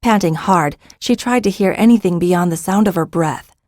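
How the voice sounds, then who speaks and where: Low-voiced woman narrating an audiobook. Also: normal speed, a little mellow, dry recording, studio quality. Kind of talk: scripted narration.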